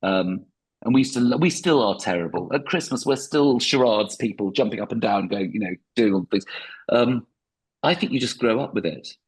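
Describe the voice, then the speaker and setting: A man's voice: fairly low pitch, lively intonation, normal speed, slightly rough. A man, a stand-up comedian, talking reflectively in a podcast interview with frequent restarts.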